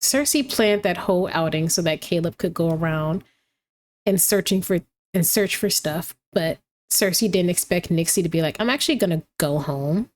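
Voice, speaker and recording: A woman casually commenting on her gameplay, chatty and lively, talking to the game characters as she goes. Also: fairly low pitch, normal speed, a little hiss or hum. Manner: chatty, reacts aloud, talks to the game characters.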